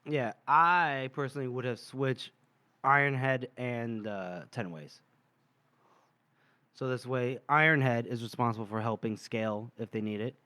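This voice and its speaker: A man's voice: medium pitch, steady tone, measured pace, sharp tone, no echo. A man co-hosting a podcast, casually recapping and debating book scenes with easy laughter. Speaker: podcast co-host.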